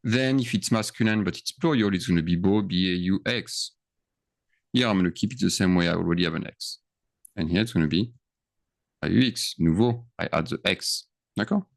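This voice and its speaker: A man's voice: low voice, a little fast, creaky. A man teaching a grammar lesson over screen share, thinking aloud and checking in with frequent questions. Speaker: French teacher.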